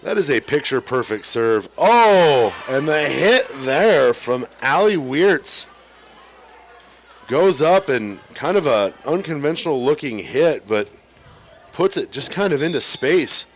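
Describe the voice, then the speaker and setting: An excitable man doing live play-by-play for a high school volleyball match. He chats casually with his partner and breaks into quick exclamations as the rallies swing. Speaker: play-by-play announcer.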